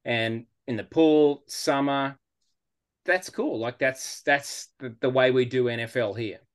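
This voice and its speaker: An Australian man as a podcast guest, talking in a relaxed, rambling way with lots of fillers. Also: medium pitch, a little slow, clean tone. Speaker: guest fan. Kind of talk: casual podcast interview.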